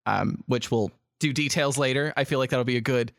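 A man's voice: mid-range voice, fairly quick, vocal fry, fairly bright tone, no room sound, studio quality. A man narrating a tabletop game as game master, rambling with many fillers. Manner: rambling, full of fillers and laughs.

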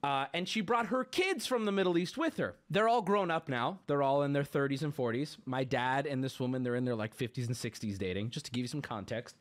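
A man's voice: medium pitch, expressive, brisk, few pauses. A man in his late twenties, hosting a livestream, ranting indignantly and swearing as he talks. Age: late 20s. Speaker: livestream host. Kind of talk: casual livestream rant.

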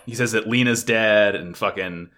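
A man co-hosting a casual podcast, recapping an anime episode in an animated way, swearing often and filling with "like". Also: on the low side, normal speed. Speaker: podcast co-host.

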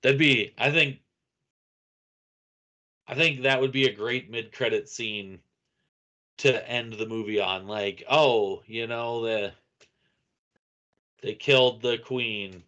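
A man co-hosting a casual movie chat, rambling and animated, laughing at his own jokes. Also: mid-range voice, unhurried, long pauses. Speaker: podcast co-host.

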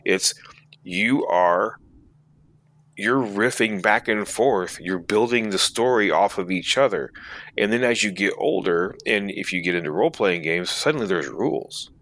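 Low-voiced man in casual podcast chat. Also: a little slow, a bit bright. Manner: rambling, restarts, quotes imagined players. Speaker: podcast co-host.

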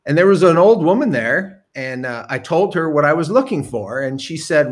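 A man's voice: a little high, expressive, moderate pace, few pauses. A man telling a long personal story in a casual, rambling way, with many ums, asides and the odd swear word. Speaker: storyteller guest.

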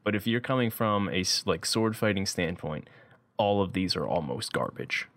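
A man's voice: deep voice, animated, moderate pace, a bit bright. A man co-hosting a podcast, telling things in a loose, joking way. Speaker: podcast co-host. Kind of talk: casual chat.

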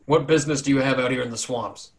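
A man doing a gruff bearded swamp warden. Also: medium pitch, quick pace, lightly acted. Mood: wary. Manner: standoffish, blunt, folksy.

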